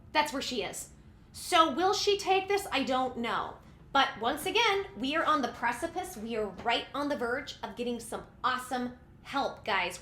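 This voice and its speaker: A woman rants in a heated, sarcastic way, firing back at every quote she reads. Her voice is high-pitched, bright and sharp. The room around her has a clear echo. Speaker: political commentary vlogger. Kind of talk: heated casual commentary.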